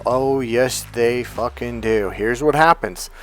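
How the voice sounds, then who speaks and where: A man giving a casual monologue as a relationship coach, animated and profane, acting out bits of dialogue. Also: mid-range voice, unhurried.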